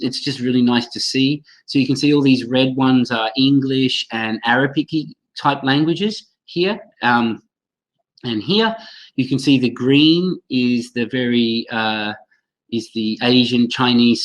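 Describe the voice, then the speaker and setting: Give me a chatty male trainer with a middle-pitched voice on a video call, answering viewers' comments as he teaches. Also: poor audio. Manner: chatty, reacts to chat comments, restarts sentences. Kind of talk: live online teacher training.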